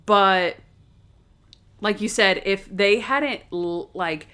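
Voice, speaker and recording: A woman's voice: medium pitch, slow, bright, forceful tone, clean tone. A woman co-hosting a podcast in casual chat, animatedly acting out scenes with quoted voices and frequent laughter. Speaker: podcast co-host. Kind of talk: casual chat recapping a TV episode.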